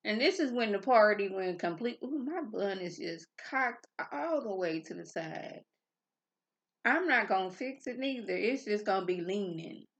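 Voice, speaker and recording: In dull, lo-fi audio, a woman in her thirties gives an easygoing, wandering review of a reality TV episode while slightly irritable for lack of coffee. She's a recap vlogger with a mid-range, expressive voice at a moderate pace.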